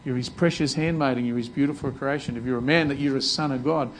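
A man's voice: medium pitch, fairly even intonation, fast talker, a little hiss or hum, poor audio. Earnest man preaching a sermon. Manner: earnest, repeats words and restarts sentences. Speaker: pastor.

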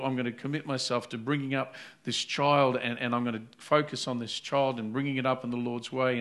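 A man's voice: medium pitch, a bit bright. A man preaching an earnest sermon, retelling a Bible story and acting out its voices. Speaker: pastor.

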